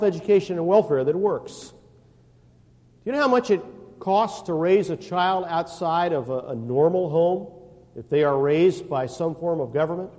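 Man, pastor, sermon, emphatic with dramatic pauses, mellow voice, long hall echo. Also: fairly high pitch. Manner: emphatic preaching with dramatic pauses, reads scripture aloud.

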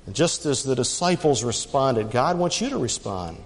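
A man preaching a sermon as pastor, swinging between fast punchy lines and slow emphatic ones. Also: expressive, in a large hall. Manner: dramatic rises and drops in pitch and pace.

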